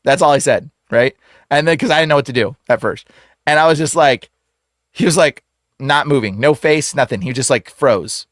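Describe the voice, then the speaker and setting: A man who is a guest on the show, telling a story in a casual, slangy way full of "like" and "bro", animated and acting out the voices in it. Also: mid-range voice, normal speed, no echo, studio quality. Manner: slangy, fills speech with "like" and "bro". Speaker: exorcist guest.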